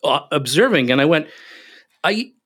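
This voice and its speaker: Animated man telling stories in an interview. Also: fairly high pitch, moderate pace, breathy edge. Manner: animated, emphatic, acts out quotes. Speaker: podcast guest, business speaker. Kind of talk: casual interview storytelling.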